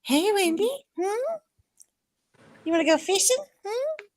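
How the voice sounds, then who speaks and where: A woman voicing a creepy, leering clown with a wheedling tone and drawn-out hums. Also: very high voice, very animated, a little mellow, voice pushed up, heavily acted. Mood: creepy coaxing. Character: creepy leering clown, sing-song and sly.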